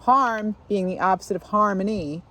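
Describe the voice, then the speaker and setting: A woman giving a casual tarot reading, musing aloud in a relaxed way and often pausing on fillers as she takes in impressions. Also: mid-range voice. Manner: musing, intuitive, many fillers and asides. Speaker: tarot reader. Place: outdoors.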